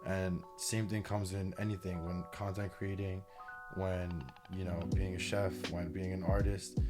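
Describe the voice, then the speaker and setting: Low-voiced soft-spoken young man. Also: unhurried, over loud music. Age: 20s. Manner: relaxed, talks in loose run-on thoughts with many fillers. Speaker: podcast guest. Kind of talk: casual podcast conversation.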